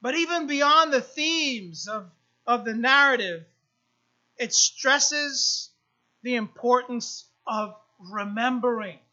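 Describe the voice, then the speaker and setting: A woman's voice: fairly high pitch, slow, sharp tone. A woman pastor preaching a sermon, repeating phrases and building emphasis, with asides to the congregation. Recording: dull lo-fi sermon recording.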